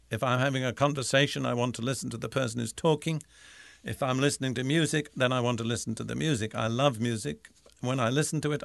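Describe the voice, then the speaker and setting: A man preaching a sermon in a measured, deliberate way, slowing down to stress key phrases. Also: mid-range voice, vocal fry, no echo. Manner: measured, deliberate, slows for emphasis.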